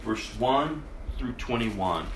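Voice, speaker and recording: A man's voice: medium pitch, expressive, slow pace, a bit bright, a little hiss or hum. A man preaching a sermon, reading scripture and then explaining it with emphatic repetition of key words. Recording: echoey room.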